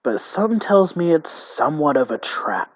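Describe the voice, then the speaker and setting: A man streaming a text role-playing game, reading it aloud haltingly and thinking out loud about his choices. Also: fairly high pitch, sing-song, no echo, poor audio.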